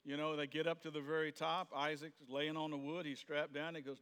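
A male pastor preaches fairly quickly in a smooth, level tone, his voice bright and a little high, and long reverb trails behind him in the sanctuary. Chatting loosely with the congregation, he acts out quoted voices and sometimes shouts abruptly.

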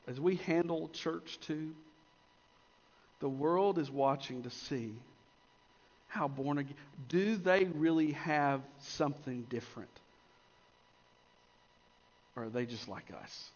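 A man preaching a sermon as pastor, swinging between emphatic rises and quiet, intense drops. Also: on the high side, takes it slowly, long pauses. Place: church sanctuary. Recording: long church reverb, dull lo-fi sound.

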